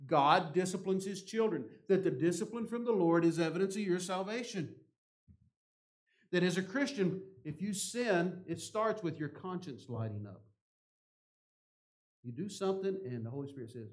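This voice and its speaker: An older man preaching a sermon, a pastor whose delivery swings from loud emphasis to quiet, intense passages. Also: high-pitched, expressive, moderate pace.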